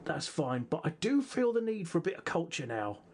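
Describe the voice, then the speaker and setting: A man narrating a comedic tabletop role-playing game as game master, playful and quick to put on voices and sound effects. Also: a little high, big pitch swings.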